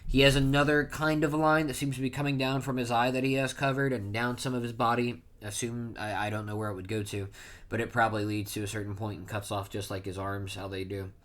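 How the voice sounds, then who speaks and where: A man casually recapping a manga chapter, reading panel lines aloud with loud bursts of emphasis and frequent self-corrections. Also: medium pitch, level tone, a little fast. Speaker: manga reaction streamer.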